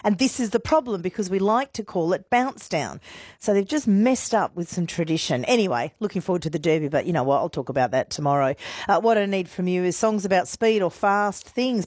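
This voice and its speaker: An Australian woman hosts a radio show in a relaxed, joking way and sounds a little tired. Her voice sits on the lower side. The recording is dry and close, with no room sound. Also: a little fast, no echo. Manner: chatty, playful, self-deprecating. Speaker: radio host. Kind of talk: casual radio chat.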